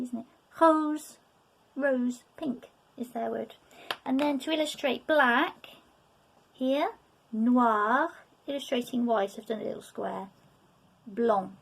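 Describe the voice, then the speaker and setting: A woman's voice: fairly high pitch, creaky, slight background noise. A middle-aged woman teaching a beginners' language lesson, patient and repetitive, often checking in with "okay?". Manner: patient, repeats words slowly, checks in with "okay?". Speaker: French teacher. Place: room, sitting at a table.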